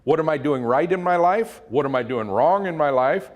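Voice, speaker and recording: A middle-aged man, giving a motivational talk and telling a folksy story that quotes his children in animated voices. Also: a little high, normal speed, highs cut off. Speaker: motivational speaker.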